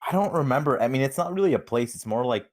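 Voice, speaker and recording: A man's voice: medium pitch, animated, fast talker. A young man from Minnesota co-hosting a podcast, with a dry, teasing manner. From Minnesota, USA. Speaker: podcast co-host. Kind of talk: casual chat.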